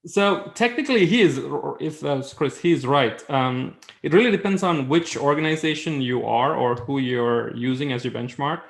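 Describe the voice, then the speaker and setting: Gravelly man presenting a webinar. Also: medium pitch, normal speed, hardly any pauses. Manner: conversational, with many fillers and rhetorical questions.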